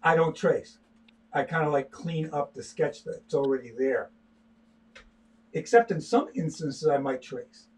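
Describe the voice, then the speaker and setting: This older artist's voice is a little high and slightly rough, and he keeps a measured pace while chatting casually during a livestream. He sketches as he talks, stopping and starting and repeating many words.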